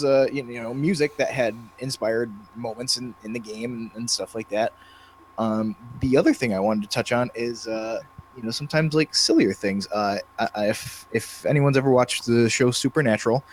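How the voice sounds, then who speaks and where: A man co-hosting a podcast as game master chats casually about running tabletop games, hesitant and full of fillers and restarts. His medium-pitched voice moves at normal speed, with a little hiss or hum in the audio.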